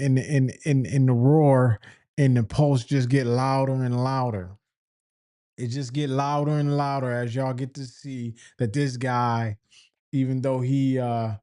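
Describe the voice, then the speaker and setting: Exasperated man on a warm-toned sports rant. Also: mid-range voice. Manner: exasperated, repeats himself, rhetorical questions. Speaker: football fan commentator.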